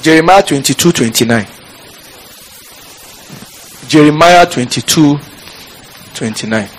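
In church, a man delivers a fiery sermon in a high, husky voice that swings widely in pitch with lively intonation. He shouts out scripture at an unhurried pace and keeps calling on the congregation to answer him. The recording quality is low.

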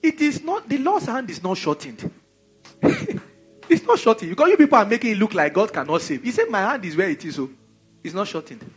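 A Nigerian man preaching a sermon in an animated, conversational way, full of rhetorical questions. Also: sits high, brisk, slightly rough, soft background music.

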